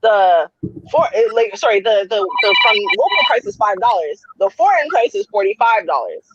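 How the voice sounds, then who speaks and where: A woman's voice: medium pitch, moderate pace, slightly rough, highs cut off. A woman raised in Canada, hosting a casual chat and telling stories with frequent laughs. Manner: laughs often, relaxed storytelling. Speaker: podcast host.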